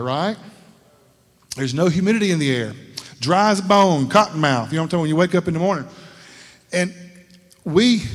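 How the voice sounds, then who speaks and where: A middle-aged man, giving a sermon testimony as folksy stories that keep checking in with his listeners. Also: a little high. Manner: folksy storytelling, often asks "you know what I'm talking about". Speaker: lay speaker at a church service. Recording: reverberant church hall.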